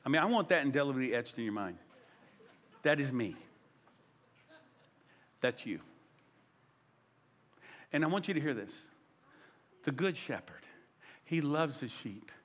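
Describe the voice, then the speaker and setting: A man preaching a sermon in an animated, conversational way, swinging his delivery for emphasis. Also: medium pitch, a little slow, pauses often. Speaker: pastor.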